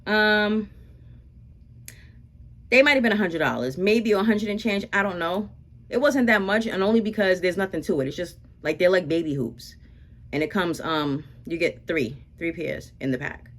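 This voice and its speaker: A young woman chatting casually and rambling through animated asides while waxing on her beauty vlog. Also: fairly low pitch, normal speed. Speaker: beauty vlogger.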